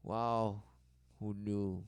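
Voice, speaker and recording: A man giving rambling commentary on a video, swinging from loud exclamations to low muttering and repeating words over and over. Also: level tone, very slow, clean tone, dry recording. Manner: repetitive, breathless wordplay. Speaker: commentator reacting to a documentary.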